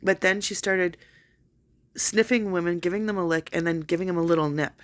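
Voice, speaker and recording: A woman's voice: on the low side, fairly quick. A woman telling a long personal story in a casual vlog, rambling with many fillers. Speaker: vlogger.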